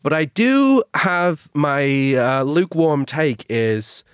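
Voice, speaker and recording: A man's voice: a little high, lively intonation, slow pace, clean tone, no room sound. A man co-hosting a podcast in casual chat, speaking wryly, reading quotes from his notes and laughing at his own asides. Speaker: podcast co-host.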